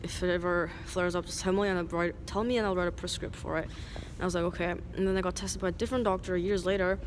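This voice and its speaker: A woman's voice: fairly low pitch, fairly even intonation, fast talker. Rambling woman talking on a noisy street. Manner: rambling, many "like" fillers. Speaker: vlogger. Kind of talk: rambling casual monologue.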